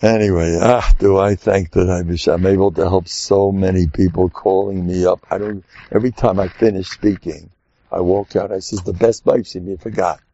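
A man's voice: low-pitched, fairly even intonation, moderate pace, mellow, no echo. A man giving an informal, joking religious talk full of personal stories and Yiddish and Hebrew terms, in a dull lo-fi recording. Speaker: religious speaker.

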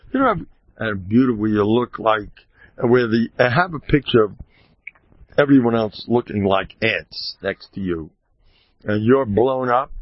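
A man's voice: fairly low pitch, gravelly, breathy edge, dry recording. A man giving an informal Torah talk as a rabbi, mock-boasting with wry sarcasm, rambling through asides and sprinkling in Hebrew and Yiddish terms. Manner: rambling, self-interrupting asides. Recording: dull lo-fi recording.

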